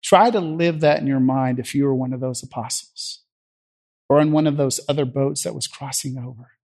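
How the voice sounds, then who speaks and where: A man's voice: mid-range voice, normal speed, darkish tone. A man preaching a sermon as vivid storytelling, acting out the scripture scenes as he tells them.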